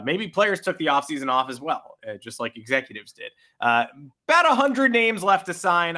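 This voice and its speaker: A man's voice: mid-range voice, pushed and bright. A man hosting a baseball podcast, chatting loosely and joking with plenty of fillers. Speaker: podcast host. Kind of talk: casual baseball podcast chat.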